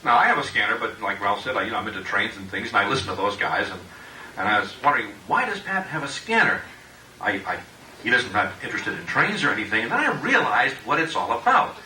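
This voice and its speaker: A middle-aged man giving a joking roast speech at a party, halting with many uhs and laughing at his own jokes. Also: lowish voice, expressive, bright, forceful tone. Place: party room with guests. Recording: echoey room, distant mic, background noise.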